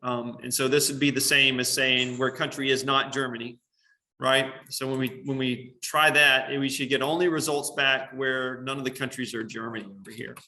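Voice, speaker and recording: A man's voice: medium pitch, fairly even intonation, normal speed, sharp tone. A male computer science teacher explaining a coding demo to his class step by step, with frequent "um" and "right?" checks. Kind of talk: classroom lesson on screen.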